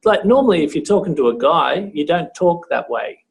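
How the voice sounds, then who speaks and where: A teacher chatting on a podcast, animatedly acting out classroom dialogue in shifting voices. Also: male voice, fairly quick, creaky. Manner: animated, acts out dialogue in high and low voices. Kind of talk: casual chat.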